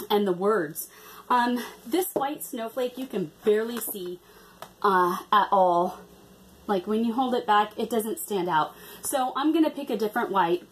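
A woman chatting casually in a craft vlog, hesitant with many ums and restarts. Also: mid-range voice. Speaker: cross-stitch vlogger.

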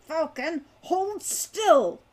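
Woman narrator doing a brash young thief, short-tempered, a little raised in pitch. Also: animated, moderate pace. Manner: impatient, blunt. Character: irritable young male rogue.

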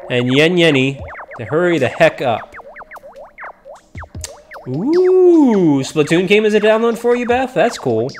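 An upbeat man hosts a live gaming stream, greeting viewers by name and ribbing them in easygoing chat. His voice sits a bit high for a man, and soft game music runs underneath. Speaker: streamer playing online matches with viewers.

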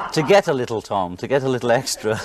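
A man's voice: medium pitch, background noise. A man in his thirties with a Liverpool accent, a musician guest on a talk show, talking in an offhand, wry way and laughing between remarks. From England. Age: 30s. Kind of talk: casual talk-show interview. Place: television studio set.

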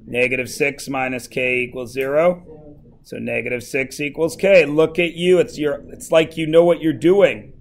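A man's voice: fairly high pitch, steady tone, normal speed, vocal fry. A man teaching math to a class, working through equations and teasing his students as he goes.

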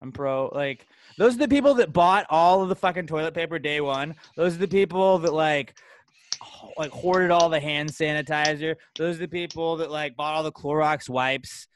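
A young man co-hosting a podcast, ranting loudly and angrily with lots of swearing. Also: a little high, normal speed, slight background noise. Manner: profane, loud, angry ranting. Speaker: podcast co-host. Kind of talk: heated rant on a podcast.

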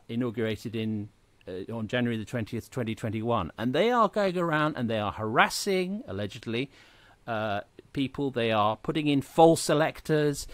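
A man co-hosts a casual political podcast in a middle-pitched voice. He talks earnestly and stresses key points, often stumbling over repeated words at the start of a sentence. The sound is dry and close to the mic. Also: fairly bright tone, no echo. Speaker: podcast co-host.

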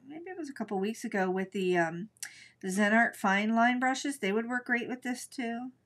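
A middle-aged woman hosting a live watercolor painting tutorial, chatting and thinking aloud as she works. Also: a little high. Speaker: art instructor.

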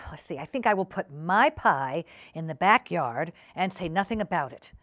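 A woman's voice: fairly low pitch, animated, a little slow, fairly bright tone, no echo, clean studio sound, voice pushed down. A woman doing a fretful lady dog. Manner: sighing, hesitant, stammering.

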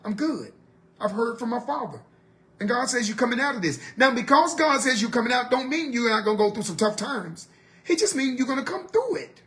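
A man leading an evening Bible study in a sermon style, asking the listeners rhetorical questions and swinging between loud urging and quiet asides. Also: very high-pitched, animated, fairly quick.

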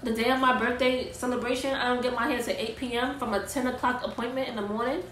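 A woman's voice: a little high, steady tone, quick pace, a bit bright. Fired-up woman ranting in an echoey room. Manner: heated, profane, emphatic. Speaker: vlogger and wig maker. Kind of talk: storytime rant. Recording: echoey room, faint ambient noise.

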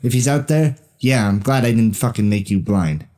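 A man's voice: mid-range voice, normal speed, warm tone, lightly acted. A man voicing a hotheaded, muscular tough guy with a Boston accent, ranting profanely and aggressively.

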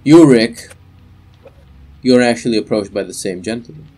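A man's voice: mid-range voice, moderate pace, warm tone. A young man narrating as game master for a tabletop game, in a loose, rambling way with many fillers.

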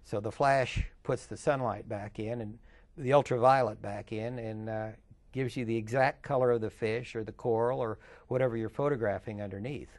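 A man's voice: mid-range voice, steady tone, a little mellow. Older man telling rambling anecdotes. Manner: rambling, chatty, with filler pauses. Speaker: interview guest, underwater photographer. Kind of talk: casual interview storytelling.

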